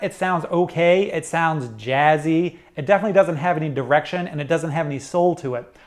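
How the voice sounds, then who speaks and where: A middle-aged man teaching a saxophone lesson, explaining jazz articulation step by step in a clear, methodical way. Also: fairly high pitch. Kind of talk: instructional music lesson.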